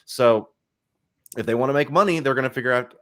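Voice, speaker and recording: A man talking casually as a podcast guest in a relaxed, explanatory way. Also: medium pitch, brisk. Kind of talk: casual chat.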